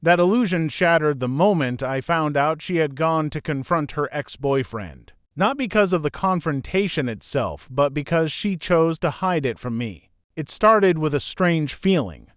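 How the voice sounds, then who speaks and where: A man in his thirties reading a scripted first-person story in a measured, dramatic way with pauses. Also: fairly high pitch, expressive, no room sound, clean studio sound. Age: 30s.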